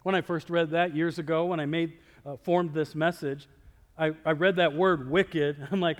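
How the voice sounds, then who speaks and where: High-voiced male pastor preaching. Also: moderate pace, long reverb tail. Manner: conversational preaching with sudden loud and soft swings. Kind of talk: sermon. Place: church sanctuary.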